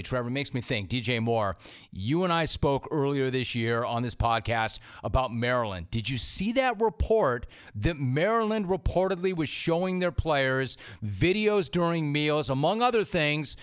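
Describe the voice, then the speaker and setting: A man's voice: medium pitch, expressive, unhurried, fairly bright tone. Confident sports podcast host, a man. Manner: confident, smooth delivery. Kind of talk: sports podcast hosting and ad read.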